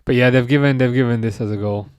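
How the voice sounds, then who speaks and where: A man in his thirties hosting a live football watchalong, chatting casually and reading out comments, with a halting, restarting way of talking. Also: medium pitch, fairly even intonation, darkish tone, clear, resonant tone, no echo, clean studio sound. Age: 30s. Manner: halting, many restarts, chuckles often.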